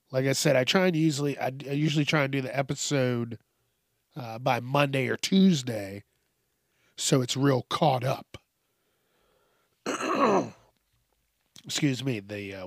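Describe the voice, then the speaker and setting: A man's voice: mid-range voice, no room sound, studio quality. A tired man hosting a casual solo podcast late at night, rambling and swearing as he trails off and restarts. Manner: rambling, profane, self-interrupting. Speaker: podcast host.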